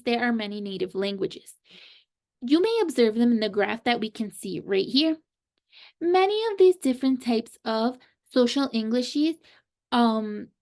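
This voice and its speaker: A woman giving a slide presentation, talking in a halting way with frequent pauses and fillers. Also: on the high side, a little mellow. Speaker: student presenter.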